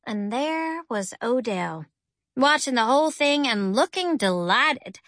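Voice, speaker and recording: A woman reads a first-person story aloud with lively, expressive storytelling. Her voice is high and bright. The recording is close and dry. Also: takes it slowly, no echo. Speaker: audiobook narrator.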